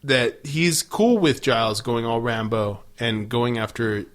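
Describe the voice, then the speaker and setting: A man co-hosts a casual podcast, swearing freely as he walks through the plot. He laughs often and jumps into quick bits of acted-out dialogue. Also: medium pitch. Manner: profane, animated recapping with laughter. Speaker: podcast co-host. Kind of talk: casual chat.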